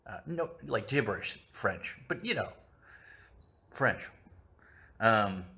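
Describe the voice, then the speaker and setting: A man's voice: lowish voice, big pitch swings, slow, creaky, sharp tone. A man hosting a casual live-stream book chat, talking on at length in a rambling, self-mocking way with lots of filler.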